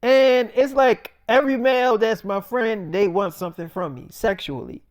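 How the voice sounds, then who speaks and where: A man's voice: sits high, moderate pace. A man telling a casual, rambling story, swearing a lot and acting out both sides of an argument. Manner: rambling, profane, quotes people back and forth. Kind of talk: casual spoken story, freestyle.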